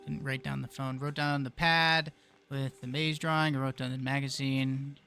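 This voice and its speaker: A man's voice: medium pitch, little pitch movement, moderate pace, creaky, pushed and bright, faint music behind. A young man casually commenting while playing a puzzle game, thinking aloud and muttering to himself. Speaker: gaming video creator. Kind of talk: casual let's play commentary.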